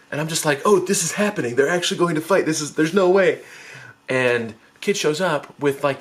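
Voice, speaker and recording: A young man telling a story in a casual vlog, rambling and self-mocking, full of fillers and restarts, jumping into high panicky bursts when he acts out his past self. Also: fairly bright tone.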